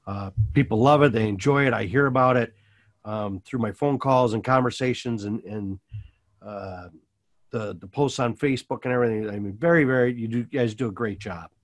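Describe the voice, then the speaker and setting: A man's voice: medium pitch, normal speed, no echo. A man hosting a panel discussion, asking rambling questions in a chatty, self-deprecating way. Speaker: host.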